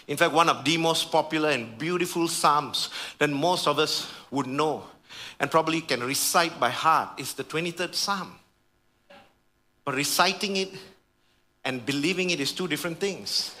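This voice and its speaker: Fervent high-voiced male preacher. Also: normal speed. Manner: fervent, swings from hushed to raised emphasis; calls out to the congregation. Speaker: pastor. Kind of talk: sermon.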